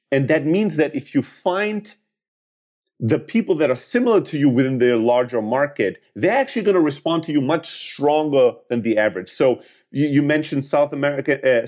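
A man's voice: mid-range voice, darkish tone. A man giving sales advice as a podcast guest, explaining things step by step and checking in with little tag questions. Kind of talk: casual advice in a podcast interview.

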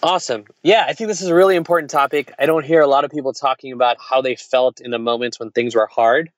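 A man's voice: mid-range voice, fairly even intonation, fast talker, dry recording. A man, an entrepreneur, telling a personal story in casual conversation, rambling and candid. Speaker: entrepreneur sharing stories. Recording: dull, lo-fi sound.

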